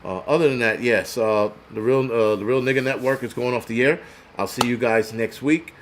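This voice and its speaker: A man's voice: mid-range voice, moderate pace, background noise. A man hosting a livestream, ranting bluntly and profanely with lots of fillers. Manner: blunt, profane, swaggering rant with many fillers. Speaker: host.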